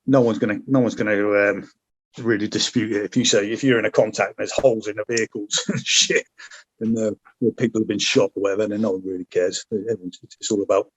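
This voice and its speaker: A man's voice: on the low side, husky. A British man, a former paratrooper and podcast guest, telling combat stories in casual conversation, swearing freely with many restarts and asides. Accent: British English. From Britain. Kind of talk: casual storytelling.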